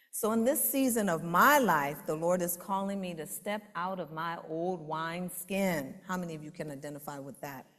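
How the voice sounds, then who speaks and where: A woman with a fairly low voice shares her church testimony with fervent conviction, slowing and rising on her emphatic lines. Her words ring out through a large sanctuary with a long, lingering reverb. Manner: fervent, rises loud and slow on emphatic lines. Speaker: preschool teacher giving a church testimony.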